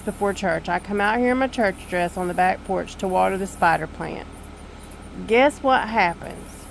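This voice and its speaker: An older woman telling a story to camera on her screened back porch, animated, exasperated and poking fun at herself. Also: medium pitch, a little hiss or hum, low-quality recording. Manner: animated, exasperated, self-mocking. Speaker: vlogger.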